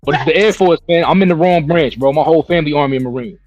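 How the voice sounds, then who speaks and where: Fast-talking man from New Jersey. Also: fairly high pitch, darkish tone, faint music behind. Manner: slangy, quick back-and-forth banter. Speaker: guest, Air Force veteran. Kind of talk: casual chat. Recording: dull lo-fi audio.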